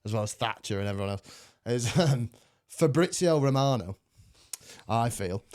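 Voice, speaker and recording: A man's voice: medium pitch, lively intonation, normal speed, darkish tone. A man hosting a casual podcast chat, rambling, swearing and laughing often. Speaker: podcast host.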